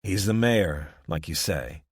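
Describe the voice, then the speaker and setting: A man's voice: low voice, takes it slowly, no room sound, clean studio sound. Brief: wary male mechanic, folksy rural talk, grim and blunt, as a male narrator puts him on.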